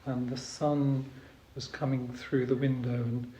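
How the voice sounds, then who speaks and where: A man giving a dharma talk as a Zen teacher, hesitant with many pauses and ums, gently humorous. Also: medium pitch, flat delivery, slight background noise. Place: retreat meditation hall. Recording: roomy hall with faint ambience.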